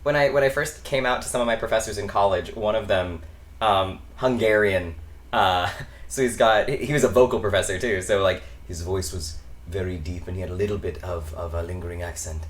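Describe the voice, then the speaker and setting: A man's voice: deep voice, a little fast. A young man from the United States hosting a casual chat vlog from his bedroom, rambling through tangents with lots of ums. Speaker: host.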